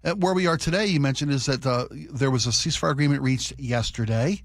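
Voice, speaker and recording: A man co-hosting a radio talk show, chiming in with quick agreement and wry asides. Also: medium pitch, dry recording, studio quality. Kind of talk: casual talk radio chat. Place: radio studio. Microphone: studio microphone.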